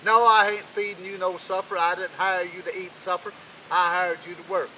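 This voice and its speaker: Brief: a storyteller doing a bossy, stingy old king in a folktale, high and barking, bright edge. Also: moderate pace, slight background noise, low-quality recording. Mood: scolding. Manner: loud, barking, high-pitched.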